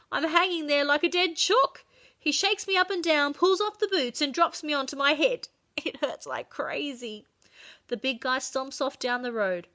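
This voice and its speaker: A woman reading a children's chapter book aloud, with expressive, dramatic storytelling. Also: high-pitched.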